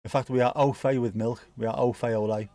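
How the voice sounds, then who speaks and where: A man's voice: mid-range voice, fairly even intonation, fast talker, warm tone, no echo. Joking man on a dry mic. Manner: rambling, jokey, swears freely. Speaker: watch-along streamer. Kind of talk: casual live match commentary chat.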